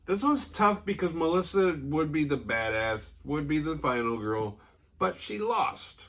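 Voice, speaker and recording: A man's voice: fairly high pitch, sing-song, a little slow, fairly bright tone. Profane, sarcastic man recapping a movie. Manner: profane, sarcastic, acts out characters' lines. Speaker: horror movie podcast host.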